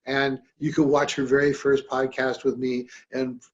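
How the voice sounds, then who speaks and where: A man's voice: medium pitch, flat delivery, normal speed, lo-fi sound. A man hosting a podcast about hypnosis, talking in a friendly, rambling way with many fillers. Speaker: podcast host and hypnosis trainer. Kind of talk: casual podcast chat.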